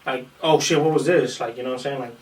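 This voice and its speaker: A man in casual podcast talk, spinning a swear-laden story and acting out everyone's lines. His voice sits at an ordinary middle pitch. The recording is roomy and echoey, and he sounds set back from the microphone. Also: quick pace. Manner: animated, profane storytelling that acts out quotes. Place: room in a small podcast setup. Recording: roomy echo, far from the mic.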